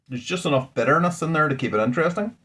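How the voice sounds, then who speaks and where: A man's voice: fairly high pitch, fairly bright tone, breathy edge. A man, a home brewer, talking casually through a beer tasting in a rambling, thinking-aloud way, indoors at home. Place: indoors at home under a ring light.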